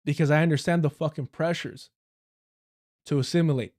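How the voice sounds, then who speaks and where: A man's voice: fairly high pitch, fairly even intonation, brisk, a little mellow. A man with a Southern Californian accent hosts a livestream and talks in a raised, lighter register than most men. He speaks bluntly, swears often, and breaks into short laughing asides as he comments. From Southern California, United States. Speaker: livestream host.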